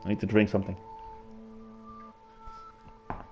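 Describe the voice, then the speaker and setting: A man hosting a gaming channel, talking excitedly through video game lore, rambling and swearing, on a headset mic. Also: fairly low pitch, moderate pace, dull audio, faint music behind. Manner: excitable, rambling, swears often, many restarts.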